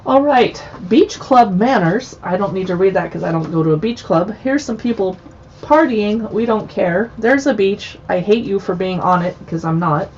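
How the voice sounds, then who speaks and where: A woman's voice: medium pitch, lively intonation, moderate pace, a little mellow, highs cut off, a little hiss or hum. A woman hosting a casual livestream chat, chatty and playful with joking asides. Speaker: livestream host.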